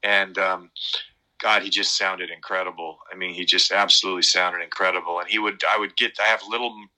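A middle-aged man talking in a casual interview, rambling and halting with many fillers and restarts. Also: deep voice, fairly even intonation, bright, forceful tone, low-quality recording. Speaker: guest musician.

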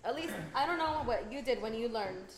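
A woman's voice: on the high side, expressive, a little fast, crowd noise. An American woman chatting casually, patiently explaining English words and laughing easily. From United States. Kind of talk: casual conversation. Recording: roomy echo.

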